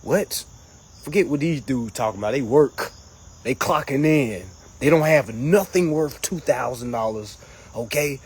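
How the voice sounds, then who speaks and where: A man hosting a casual livestream, answering comments in an animated, mocking way that swings between loud jokes and low asides. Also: a little slow, breathy edge. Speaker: livestream host reading comments.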